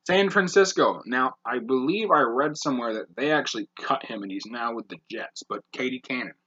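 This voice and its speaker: A man hosting a podcast, briskly reading off a long list of names with blunt, profane asides. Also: medium pitch, sharp tone, slightly rough, highs cut off. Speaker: podcast host.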